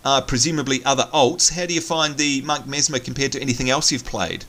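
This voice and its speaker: An Australian man hosting a casual game commentary, chatty, excitable and teasing, talking over a headset. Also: medium pitch, fairly quick. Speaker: host.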